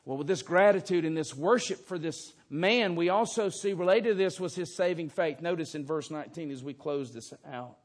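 A man's voice: on the high side, moderate pace, hardly any pauses. A man preaching an expository sermon in a church, emphatic and fond of rhetorical questions. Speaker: pastor. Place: church sanctuary.

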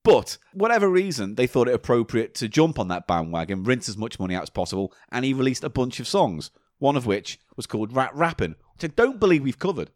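A man co-hosting a casual chat, playful and animated. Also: medium pitch, fairly quick, few pauses, no echo, clean studio sound. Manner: animated, playful shouting of mock dog names. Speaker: podcast co-host.

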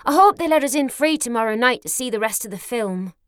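A woman's voice: on the high side, a little fast, no room sound, clean studio sound, close to an everyday voice. A woman doing a brash Geordie girl nurse. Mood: excited, scoffing. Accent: Newcastle. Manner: brash, excitable, blunt. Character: impulsive loud young woman nurse.

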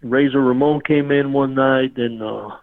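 A man's voice: medium pitch, fairly even intonation, measured pace, phone-quality sound, slight background noise. A man telling a rambling, casual story as a podcast guest, repeatedly saying "you know what I mean".

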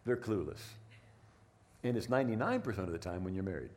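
A middle-aged man preaching a sermon, telling a personal story with lively asides and frequent "right?" checks. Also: deep voice, fast talker, a little hiss or hum. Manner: animated storytelling, repeats words, asks "right?". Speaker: pastor.

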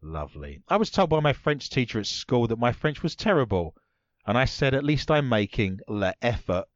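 Lively man hosting a comedy quiz. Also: mid-range voice, normal speed, no room sound, dull audio. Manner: playful, teasing, punning. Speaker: quiz host.

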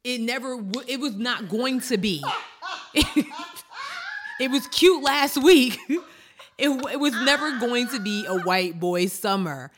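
A woman co-hosting a podcast, ranting in animated, exasperated casual chat. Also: a little high, a little slow, background noise. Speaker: podcast co-host.

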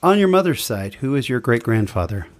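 A man's voice: medium pitch, sing-song, brisk. A man interviewing a guest in a casual chat, friendly and encouraging with joking asides.

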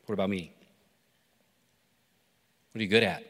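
A man preaching through a story, pausing to ask listeners reflective questions. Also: deep voice, steady tone, a bit bright. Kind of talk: sermon told as a story. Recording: long hall reverb.

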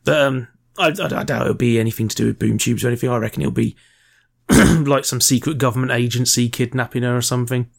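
A man's voice: mid-range voice, fairly even intonation, quick pace, gravelly. A man co-hosting a casual chat, blunt and teasing. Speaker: podcast co-host.

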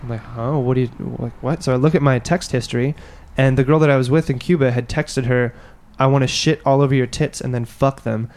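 A man's voice: mid-range voice, fairly even intonation, a little fast, few pauses, darkish tone. Profane man telling a story. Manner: swearing, acts out quotes in a raised voice. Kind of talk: casual storytelling chat.

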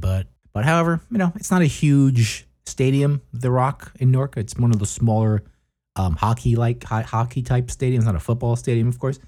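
A man's voice: mid-range voice, darkish tone. A man hosting a podcast, giving a casual, rambling concert review with many fillers. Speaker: podcast host.

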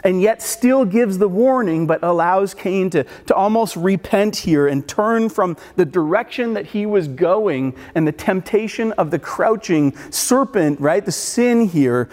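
A man's voice: sits high, lively intonation, a little slow, hardly any pauses, darkish tone. A man preaching a casual sermon, talking loosely with frequent restarts, fillers and rhetorical questions. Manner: casual, rambling with many restarts and filler words. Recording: long hall reverb.

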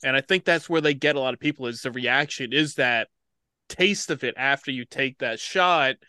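Bright-voiced man in animated chat. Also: mid-range voice, normal speed, smooth, dry recording, clean studio sound. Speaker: podcast co-host. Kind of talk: casual chat.

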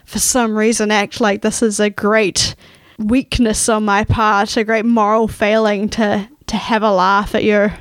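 A young woman co-hosting a casual podcast, telling stories in a wry, animated, sweary way. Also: mid-range voice, a little slow, no echo. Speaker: podcast co-host. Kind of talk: casual chat.

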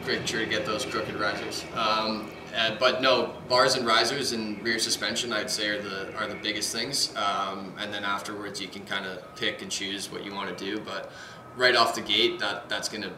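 A man's voice: lowish voice, little pitch movement, normal speed, roomy sound, background noise. A man co-hosting a podcast, talking in a laid-back, hesitant way with plenty of ums. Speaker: podcast co-host. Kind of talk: casual chat.

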